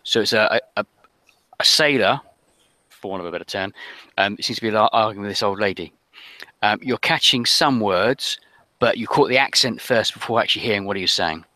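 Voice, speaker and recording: A man narrating a tabletop game as game master, with a halting delivery full of ums. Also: fairly low pitch, bright, forceful tone, no room sound. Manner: hesitant, many ums.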